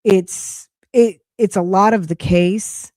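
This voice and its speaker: A woman's voice: mid-range voice, fairly even intonation, takes it slowly, darkish tone, no room sound, clean studio sound. A woman hosting a casual live podcast chat, rambling with restarts and saying she is losing her voice. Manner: chatty, rambling with frequent restarts. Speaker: podcast host.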